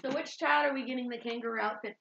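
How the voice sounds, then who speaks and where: A woman's voice: on the high side, fast talker, gravelly, a bit bright, highs cut off. A woman, the host's wife, bantering casually with him in a teasing, sassy way.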